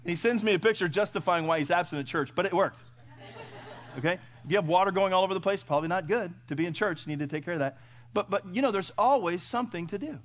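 A middle-aged man preaching a sermon in a folksy way, firing off rhetorical questions and swinging from loud to hushed. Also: high voice, fast talker. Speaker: pastor.

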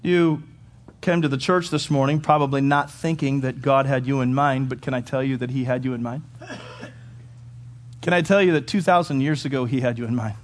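A man's voice: mid-range voice, fairly even intonation, brisk. A man preaching a sermon in a church, talking emphatically and building to fervent peaks. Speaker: pastor.

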